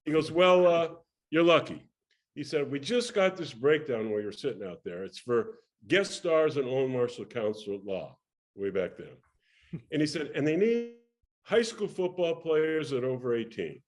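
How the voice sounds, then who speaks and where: A man's voice: mid-range voice, moderate pace. An older man, a guest in an interview, telling a career anecdote with energy and acting out the people he quotes, with frequent restarts. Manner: lively storyteller, acts out quoted voices, many restarts. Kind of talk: animated anecdote in casual interview.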